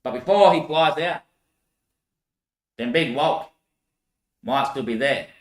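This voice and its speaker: A man's voice: mid-range voice, takes it slowly, reverberant. A man rambling through a loose monologue, often laughing and swearing.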